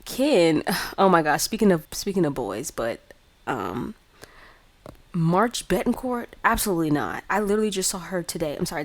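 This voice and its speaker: A young adult woman hosting a let's play, narrating in a chatty, playful style packed with fillers. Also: fairly low pitch. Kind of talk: casual game commentary.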